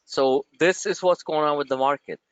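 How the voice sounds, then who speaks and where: A man hosting a livestream of market commentary, rambling and joking in an animated way. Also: fairly high pitch, moderate pace, clear, resonant tone, dry recording. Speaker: trading channel host.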